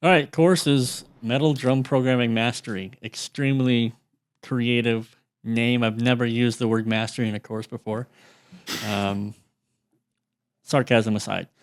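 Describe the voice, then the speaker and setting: A man talking casually as a guest over a video call, explaining with relaxed, dry sarcasm. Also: mid-range voice, normal speed. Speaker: guest, drum programming course creator.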